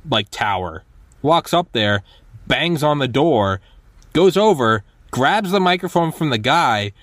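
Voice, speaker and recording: A man hosting a podcast, telling stories in a lively, animated way and acting out quotes. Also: mid-range voice, measured pace, dry recording. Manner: animated storyteller, acts out quotes, many restarts. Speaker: podcast host. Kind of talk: casual conversation.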